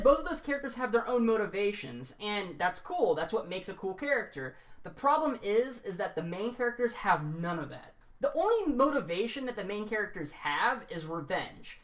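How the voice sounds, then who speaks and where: A woman talks through a review in an easygoing, unscripted way. She rambles, restarts her sentences and drifts into jokey tangents, and her tone stays relaxed throughout. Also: mid-range voice. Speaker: show reviewer. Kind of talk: casual spoken review.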